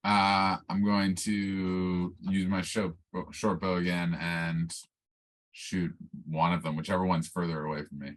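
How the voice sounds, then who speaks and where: A man playing a tabletop game, describing his character's actions. His voice is very deep and his delivery casual. He talks in a relaxed, offhand way. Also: a little slow. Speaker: player.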